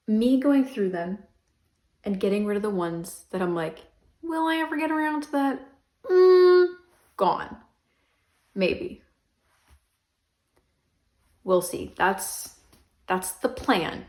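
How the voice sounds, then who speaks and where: A young woman vlogging casually about her books, chatty and self-mocking, with plenty of "um" and "like" as she rambles. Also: mid-range voice. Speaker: book vlogger. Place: bedroom. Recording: echoey room.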